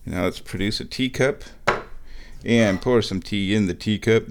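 A man hosts a casual vlog from his kitchen, narrating each step of making tea. He talks slowly and playfully to himself, with a lowish voice. A faint noise sits under the recording. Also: lively intonation. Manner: playful, talks to himself while working, hums. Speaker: vlog host. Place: house, kitchen indoors.

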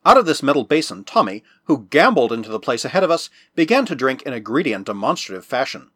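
Husky man narrating with lively pitch. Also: no room sound, studio quality. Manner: measured storytelling with lively rises and falls. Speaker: audiobook narrator. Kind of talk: scripted narration of a novel.

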